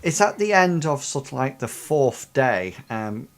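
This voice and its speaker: Male game master, narrates a fantasy tabletop session, halting and rambling delivery. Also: mid-range voice, sing-song. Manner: rambling, many ums and sort-of-likes.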